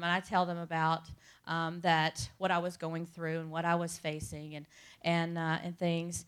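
A woman's voice: lowish voice, a bit bright. A middle-aged woman telling her personal testimony to a church congregation, talking straight to the listeners like a storyteller. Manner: conversational storytelling, talks to the audience directly. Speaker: church speaker giving testimony.

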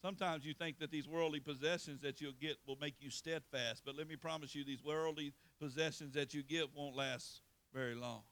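A man's voice: a little high, steady tone, brisk, fairly bright tone. A man preaching a sermon, telling a folksy story and building to fervent exhortation.

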